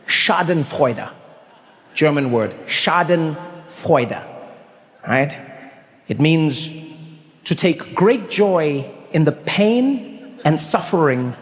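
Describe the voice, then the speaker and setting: A middle-aged man from South Africa doing stand-up comedy storytelling, animated and acting out characters with big pitch jumps, on a large theater stage. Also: takes it slowly. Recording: live hall with long reverb, faint ambience.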